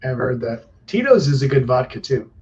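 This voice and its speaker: A man in casual live-stream chat, wandering through long stories and stretching out his fillers. His voice sits at an ordinary middle pitch. The sound is slightly dull and lo-fi. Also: sing-song, darkish tone. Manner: rambling storyteller, drawn-out fillers.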